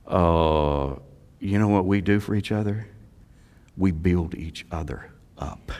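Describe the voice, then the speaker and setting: A male pastor preaching a sermon, swinging from quiet asides to loud exhortations and repeating key phrases for emphasis. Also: sits low, slow pace.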